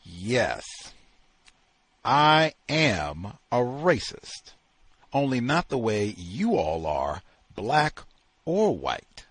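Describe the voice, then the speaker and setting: A man voicing a furious, gruff male kennel owner who rants against everyone, read aloud from a novel. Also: medium pitch, huge pitch swings, extremely slow, dry recording, full character voice. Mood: defiant. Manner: shouting, ranting.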